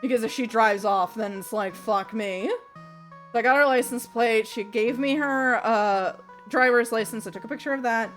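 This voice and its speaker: A young woman livestreamer telling a story in casual chat, animated, swearing freely and laughing as she talks. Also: a little high, moderate pace, soft background music.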